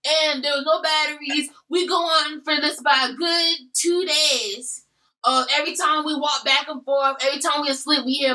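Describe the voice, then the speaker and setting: A woman's voice: high-pitched, normal speed, sharp tone, recorded from a distance, poor audio. A woman hosting a casual eating video, animatedly telling a story. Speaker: host.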